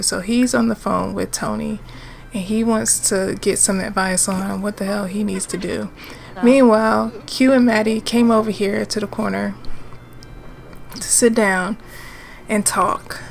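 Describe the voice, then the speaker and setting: A woman's voice: mid-range voice, steady tone, slow pace, vocal fry, crowd noise. A woman narrating a life-sim game story in a casual, rambling way, full of fillers and restarts. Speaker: let's-play narrator.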